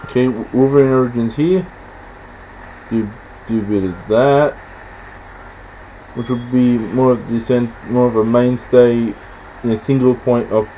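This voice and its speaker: A man in casual film chat, rambling and halting, often stopping to restart, acting out scenes in quick quoted voices. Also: medium pitch, warm tone, lo-fi sound, slight background noise. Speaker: podcast host.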